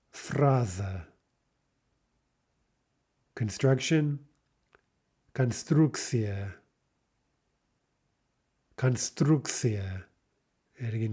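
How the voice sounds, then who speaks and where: A man teaching a vocabulary lesson, saying each word slowly and repeating it, with patient explanations. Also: mid-range voice, mellow. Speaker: language teacher.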